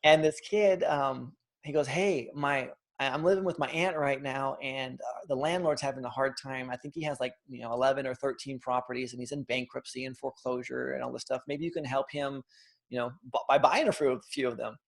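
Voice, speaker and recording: Gravelly man telling his story. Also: mid-range voice, brisk. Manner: animated storyteller, acts out quotes, frequent restarts. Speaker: interview guest. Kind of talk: casual storytelling interview.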